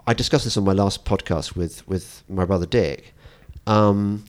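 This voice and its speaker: A man hosting a podcast interview, talking in an animated way with frequent restarts and teasing asides. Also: deep voice, measured pace. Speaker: podcast host. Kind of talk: conversational interview.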